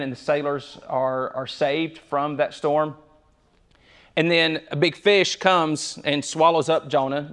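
A young man preaching a sermon in a conversational way, often restarting and repeating words as he goes. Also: fairly high pitch.

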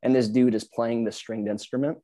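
A podcast co-host chats casually, telling stories and explaining the news while rambling with lots of "like"s, fillers, and restarts. His mid-range voice is mellow with little pitch movement and a slightly fast pace. There is no echo on the recording.

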